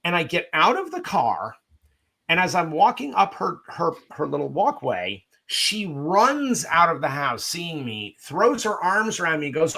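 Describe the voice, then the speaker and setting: A man's voice: fairly high pitch, huge pitch swings, a little slow, vocal fry, bright, forceful tone, breathy edge, poor audio. A man, a film director and guest, telling an anecdote and acting out other people's lines in quoted voices.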